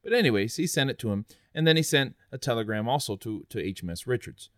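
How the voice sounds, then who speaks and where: A man's voice: mid-range voice, expressive, fast talker, no echo, studio quality. A man hosting a history podcast, narrating in an earnest, conversational way with chatty asides. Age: adult, after college. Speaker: podcast host.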